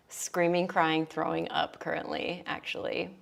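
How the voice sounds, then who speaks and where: Young american woman chatting on a livestream, bubbly, slow and lowish voice. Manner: bubbly, chatty, swings from excited squeals to quiet asides. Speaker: yoga instructor hosting a livestream. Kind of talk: casual chat greeting viewers. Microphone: livestream mic.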